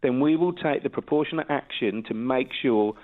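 Male police officer on a phone line, earnest official tone, middle pitch, thin phone sound. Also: moderate pace. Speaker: police detective superintendent. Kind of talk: phone interview. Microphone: telephone.

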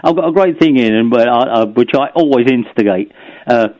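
A man's voice: mid-range voice, a little fast, dull audio. A man, chatting as a radio guest, rambling with stammering restarts and frequent chuckles. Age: 50s. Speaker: guest, broadcaster and author. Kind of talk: casual radio chat.

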